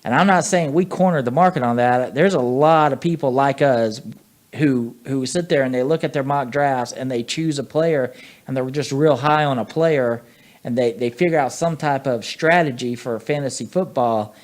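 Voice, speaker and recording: A man's voice: medium pitch, moderate pace. A man co-hosting a casual fantasy football podcast, rambling and joking with many fillers. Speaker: podcast co-host. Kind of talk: casual sports chat.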